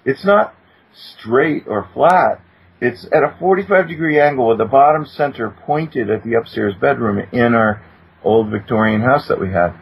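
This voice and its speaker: Animated, husky man telling a story. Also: moderate pace. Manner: animated, acts out quoted speech with sudden high-pitched exclamations. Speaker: guest, attorney. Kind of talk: storytelling in casual talk. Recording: muffled lo-fi recording.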